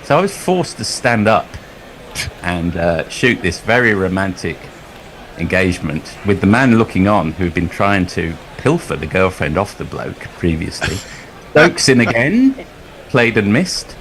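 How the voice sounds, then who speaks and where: A man with a deep voice that swoops up and down as he calls cricket ball by ball. He wanders into long stories and chuckles as he goes. A faint hiss of noise sits under his voice. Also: animated, unhurried, fairly bright tone. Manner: rambling storyteller, chuckles often. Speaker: cricket commentator. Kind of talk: ball-by-ball commentary mixed with anecdotes.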